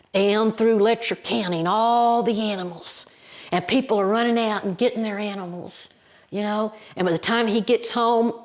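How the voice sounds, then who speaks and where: Folksy Appalachian woman telling a story. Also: mid-range voice. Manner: lively and folksy, with colloquial mountain phrasing. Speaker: storyteller, podcast guest. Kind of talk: animated oral storytelling.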